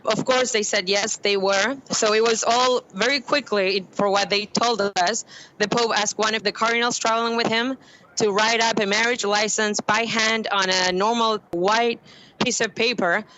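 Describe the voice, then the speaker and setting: A woman journalist explaining events in a quick, reporting manner. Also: mid-range voice, steady tone, a bit bright. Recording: dull phone-like line.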